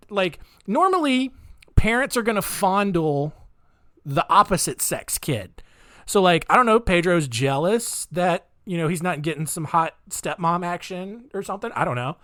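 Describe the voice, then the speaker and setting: A man's voice: a little high, a bit bright, dry recording, clean studio sound. A man hosting a casual true crime podcast at home, joking and rambling with many fillers. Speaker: podcast host. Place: home recording space.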